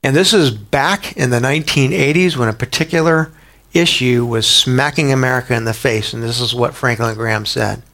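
A man preaching a sermon in a conversational way, asking the listeners rhetorical questions and rising sharply in pitch for emphasis. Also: normal speed, fairly bright tone. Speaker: pastor.

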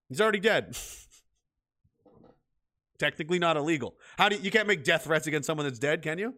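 A man's voice: on the high side, animated, moderate pace, long pauses, bright, forceful tone. Profane ranting man. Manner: profane, repetitive, bitter and heated. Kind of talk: ranting solo monologue.

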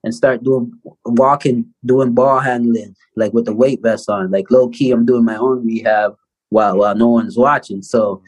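Lively man telling a story. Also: mid-range voice, moderate pace, low-quality recording. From Canada. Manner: animated storyteller, acts out quoted voices loudly. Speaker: guest, basketball player. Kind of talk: casual storytelling interview.

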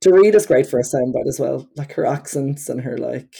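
Casual podcast co-host, woman, breathy edge, chatty and rambling. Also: extremely low pitch, brisk, dark tone. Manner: chatty, rambling, many fillers. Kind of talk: casual chat.

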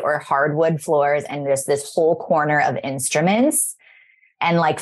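Low-voiced woman in her thirties, effusive. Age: 30s. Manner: effusive, rambling, emotional. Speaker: podcast host. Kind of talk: casual spiritual chat.

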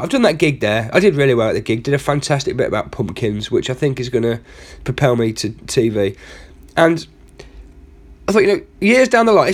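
A man hosting a comedy podcast, telling a rambling, self-mocking story full of asides. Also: a little high. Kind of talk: comic storytelling monologue.

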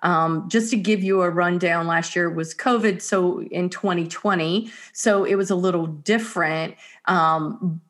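A woman's voice: fairly low pitch, steady tone, measured pace. A woman in her fifties from North Carolina with a Southern accent, telling stories as a guest in a casual interview. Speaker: guest speaker and writer.

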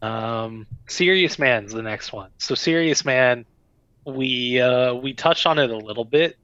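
A man's voice: medium pitch, a little slow, fairly bright tone, smooth, no echo. A man co-hosting a podcast in casual chat, talking loosely with many fillers and frequent laughter. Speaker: podcast co-host. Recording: dull dry recording.

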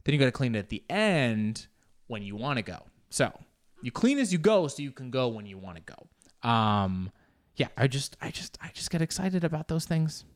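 A man's voice: medium pitch, very animated, moderate pace. A young man in a loose, joking solo monologue, swearing and restarting often as he rambles.

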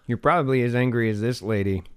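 A man co-hosts a relaxed podcast, trading jokes with his partner. His voice sits in a middle pitch and stays casual and playful. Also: fast talker, smooth. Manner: joking, animated retelling. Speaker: podcast co-host.

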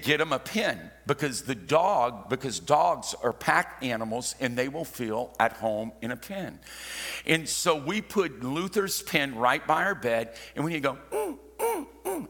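A man preaching a sermon, telling stories with jokey asides and dropping suddenly from loud to hushed. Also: mid-range voice. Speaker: pastor. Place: church sanctuary. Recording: long hall reverb.

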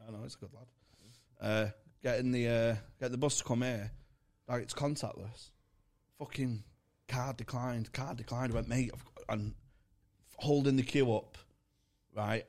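A man, a comedian co-hosting a podcast, swearing freely while he tells animated anecdotes. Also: mid-range voice, normal speed, pauses often. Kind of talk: casual chat, swearing anecdotes.

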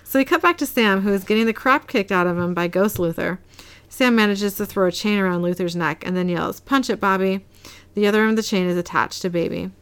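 Woman podcast host, mid-pitched, casual episode recap. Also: quick pace, smooth. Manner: chatty, reads out dialogue plainly. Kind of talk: casual retelling.

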